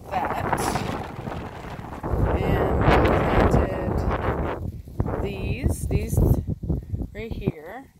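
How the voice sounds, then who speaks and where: A woman with a Texan accent chatting casually outdoors in a vlog, talking to her dogs. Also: mid-range voice. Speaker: dog breeder vlogger. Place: outdoors in a windy yard. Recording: faint wind noise outdoors.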